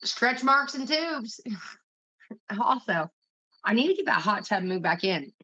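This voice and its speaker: A woman's voice: a little high, sing-song, measured pace, sharp tone. A woman hosting a livestream, venting casually to her chat in a blunt, heavily profane way. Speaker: livestream host. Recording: dull lo-fi stream audio.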